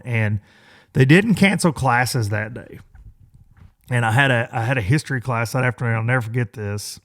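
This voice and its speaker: A man's voice: mid-range voice, normal speed. A man in his forties hosting a podcast, telling a story in a loose, rambling way with many fillers and restarts. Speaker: podcast host. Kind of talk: casual storytelling monologue.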